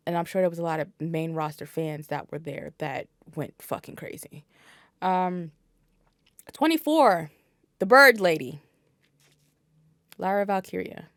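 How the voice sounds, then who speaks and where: A woman talking as a podcast guest in casual, blunt chat, swearing freely and filling pauses as she thinks. Her voice sits a little low, and the recording is dry and close, with no room sound. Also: creaky, no room sound. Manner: blunt and profane, with frequent fillers.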